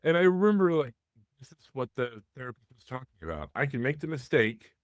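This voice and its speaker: A man's voice: medium pitch, expressive, brisk, no room sound. A man in his thirties who hosts a support group, telling a candid personal story in casual conversation over a video call.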